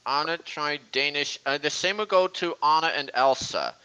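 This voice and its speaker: A man's voice: fairly high pitch, moderate pace, bright, forceful tone, clean tone, rough recording. A young man hosting a casual voice-chat stream, rambling and often restarting his sentences. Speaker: stream host.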